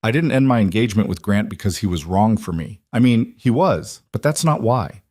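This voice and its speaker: A man's voice: lowish voice, expressive, brisk, a little mellow, no echo, clean studio sound. A man voicing a guarded, driven woman CEO in an audiobook-style story reading, with an earnest, confessional manner that tips into anxiety.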